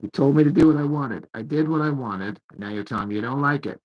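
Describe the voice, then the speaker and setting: Male co-host, husky, easygoing banter. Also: medium pitch, fast, muffled recording. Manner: relaxed, joking banter. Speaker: co-host, artist reading chat. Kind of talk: casual chat while inking.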